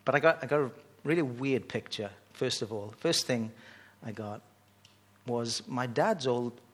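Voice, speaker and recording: A man delivers a sermon to his gathered church, his husky voice sitting at an ordinary middle pitch. He talks animatedly, stumbling over and repeating words as his excitement rises. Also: measured pace. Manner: animated, with frequent restarts and rising excitement. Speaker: preacher.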